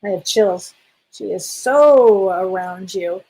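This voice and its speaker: Husky-voiced woman medium chatting with viewers. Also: medium pitch, takes it slowly, low-quality recording. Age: middle-aged. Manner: warm, affectionate, calls viewers honey, reads out comments. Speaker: spiritual medium hosting a live Q&A. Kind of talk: casual live-stream chat.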